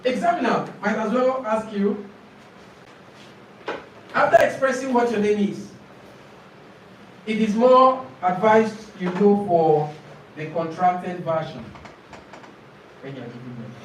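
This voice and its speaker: Echoey, high-voiced male coach. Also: expressive, slight background noise. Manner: repetitive, emphatic teacher modelling answers slowly. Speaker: IELTS speaking coach. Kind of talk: classroom lesson to camera. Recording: very echoey classroom from far off.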